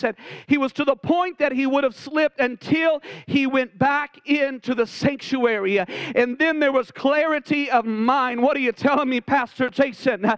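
A man's voice: very high-pitched, a bit bright, clear, resonant tone, no room sound. A man preaching a sermon as pastor, heartfelt and emotional, often repeating words and saying "uh" when moved. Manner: frequent "uh" fillers.

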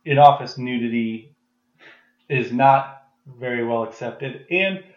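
A man co-hosting a casual podcast, relaxed and hesitant with lots of fillers. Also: medium pitch, takes it slowly. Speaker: podcast co-host. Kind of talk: casual chat. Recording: echoey, dull lo-fi sound.

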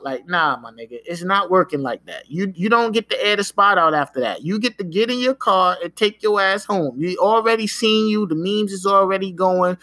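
A man's voice: high-pitched, fairly bright tone, dry recording. A man hosting a podcast, ranting in a casual, emphatic way. He swears freely and keeps tossing in "man" and "yo". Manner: emphatic, profane, repeats "man" and "yo"; talks in quick bursts. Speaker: podcast host.

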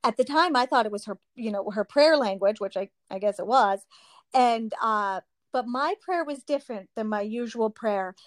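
A woman's voice: on the high side, moderate pace, no echo. A woman, a mother, animatedly retelling her testimony with frequent laughs. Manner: animated storytelling, laughs often.

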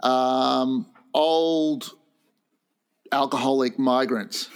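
A man's voice: mid-range voice, steady tone, extremely slow, smooth. Laid-back middle-aged Australian man. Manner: laid-back, rambling reminiscence. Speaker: podcast co-host. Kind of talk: casual chat.

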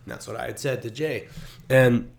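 Rambling storytelling man, mid-pitched. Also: fairly even intonation, normal speed, creaky, slight background noise. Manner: rambling storyteller, quotes people in voices. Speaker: podcast host. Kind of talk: casual podcast chat.

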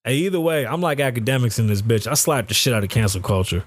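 A man's voice: mid-range voice, lively intonation, quick pace, no echo. A middle-aged man hosting a podcast, talking in a blunt, ranting, heavily profane way, with a close podcast mic. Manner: blunt, ranting, heavy swearing. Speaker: podcast host. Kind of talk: casual profane commentary.

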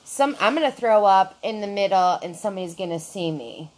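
A woman's voice: mid-range voice, brisk. Foul-mouthed woman telling a wild story. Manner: profane, animated, self-mocking storytelling. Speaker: podcast co-host telling a story. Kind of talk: casual chat storytelling.

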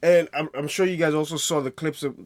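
A man talks sports casually on a podcast, rambling and restarting his sentences. His voice is a little high, and the recording is dry and close. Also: steady tone, quick pace, no room sound. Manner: rambling, many fillers and restarts. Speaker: podcast co-host.

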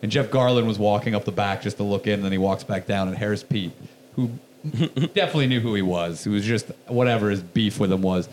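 Energetic male podcast guest, salty, worked-up storyteller, faint hiss behind. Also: lowish voice, fast. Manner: animated, profane storyteller, gets loud in retellings. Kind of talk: casual podcast chat.

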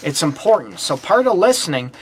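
Fields: man, host, emphatic, Detroit accent, a bit high. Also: big pitch swings, a little fast, slightly rough. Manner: emphatic, repetitive "you know what" and "let's face it"; laughs and rhetorical questions. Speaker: relationship counselor and show host. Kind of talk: call-in advice show monologue.

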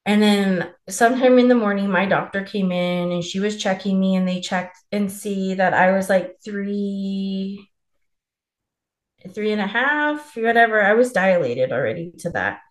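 A young woman co-hosts a podcast in an echoey room, her mid-range voice moving a little slowly. She tells a personal story in casual chat, candid, profane, and laughing.

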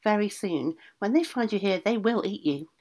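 A clever, gentle young maiden from a fairy tale, voiced by a woman reader, speaking calmly and resourcefully. Her voice lifts lightly above the narration, with a soft husky grain. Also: mid-range voice, normal speed, pitched above the performer's own voice, natural voice. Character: beautiful young female maiden, clever and calm.

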